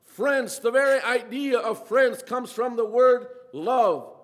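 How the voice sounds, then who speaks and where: A man preaching a sermon in an earnest way, repeating phrases and slowing down for emphasis. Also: extremely high pitch, in a large hall.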